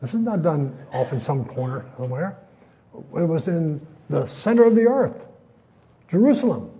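A man's voice: a little high, expressive, moderate pace, warm tone. An older man preaching a folksy sermon, chuckling often and acting out the voices in the passages he quotes. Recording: dull lo-fi recording.

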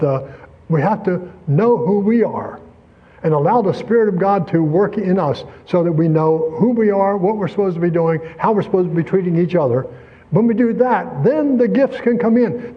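Husky-voiced man preaching a sermon. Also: a little high, muffled recording. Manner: storytelling preacher with rhetorical questions and lively emphasis.

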